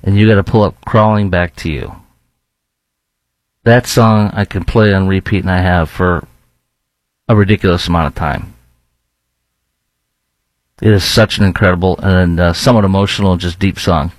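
A man's voice: deep voice, fairly even intonation, moderate pace, long pauses, no room sound. Blunt man with a Chicago accent. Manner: heated, blunt, rambling with restarts. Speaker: commentary show host. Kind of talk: opinionated commentary.

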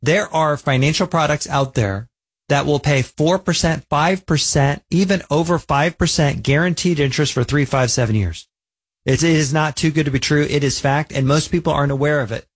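A man's voice: a little high, moderate pace, breathy edge. A man hosting a weekend radio show, telling a personal story in a chatty, conversational way. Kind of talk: casual radio talk.

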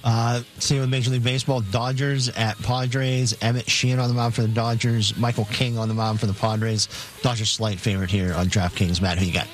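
A man's voice: medium pitch, little pitch movement, a little fast, soft background music. Matter-of-fact male co-host reading odds. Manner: matter-of-fact, filler-laden. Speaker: co-host reading betting lines.

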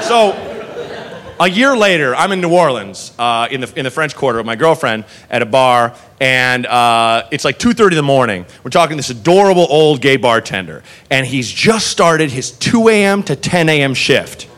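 A man's voice: mid-range voice, normal speed. A man doing a stand-up set, telling a long story with profanity and acting out the people in it. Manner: animated, profane, acts out characters. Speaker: stand-up comedian. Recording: live club with audience and room noise.

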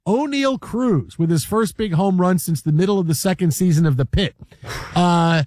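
A man hosting a casual sports talk show, animated and joking, often repeating words. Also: high voice, normal speed, no room sound.

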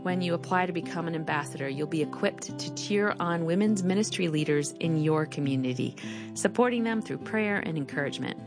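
A woman's voice: deep voice, brisk. A woman hosting a ministry program, reading a scripted outro and donation appeal in a friendly announcer manner. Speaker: radio program host. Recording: music bed under the voice.

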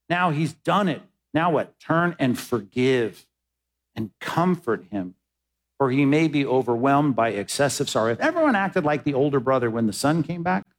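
A man preaching a sermon as a pastor, emphatic, with big swings in pitch and conversational asides to the congregation. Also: rough recording.

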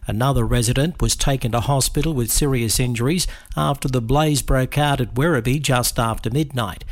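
A man reading a radio news bulletin in a steady, measured way. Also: medium pitch. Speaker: newsreader.

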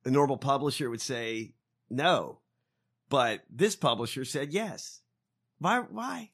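A man co-hosting a podcast in casual chat, swearing freely and reacting quickly. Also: mid-range voice, expressive. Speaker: podcast co-host.

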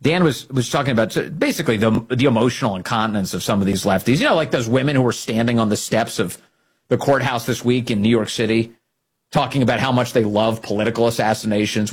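A man's voice: medium pitch, animated, a little fast, breathy edge. A man hosting a political commentary show, speaking emphatically and indignantly and repeating key phrases.

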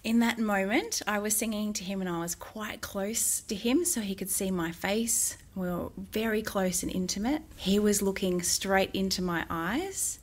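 A middle-aged woman, a music therapist, answering interview questions in a gentle, measured way with frequent "um" pauses. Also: mid-range voice.

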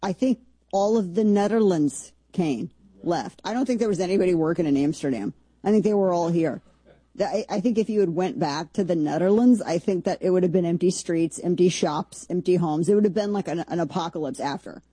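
A woman's voice: fairly low pitch, a little fast, dark tone, slightly rough, no room sound. A woman hosting a casual political commentary show, chatty and rambling, with sarcastic asides. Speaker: host.

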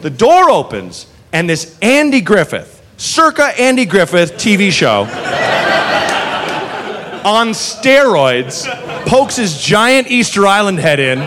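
Animated high-voiced male stand-up comic. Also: takes it slowly, very noisy. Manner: animated, profane, laughing through lines. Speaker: stand-up comedian. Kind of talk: stand-up storytelling.

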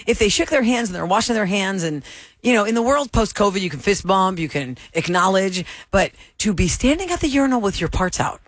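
A woman co-hosting a casual talk show, telling a story with lively acted-out quotes. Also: medium pitch, a little fast, no room sound, studio quality. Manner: animated storyteller acting out quotes. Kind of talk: casual chat.

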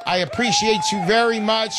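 Brash high-voiced radio host. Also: male voice, moderate pace, over a noisy crowd, very noisy. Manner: brash, excitable salesman patter with loud outbursts. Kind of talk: call-in radio show.

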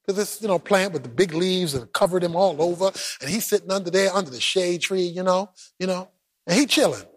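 A man preaching an animated, colloquial sermon who acts out the scripture and often breaks into shouts. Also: sits high, fairly quick.

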